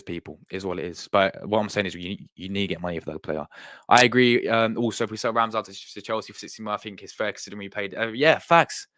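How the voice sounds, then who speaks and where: Young guy on a live stream, kinda low voice, rambling on and talking to chat, dry close sound. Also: a bit bright, no echo. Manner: rambling, repeats himself, talks to chat.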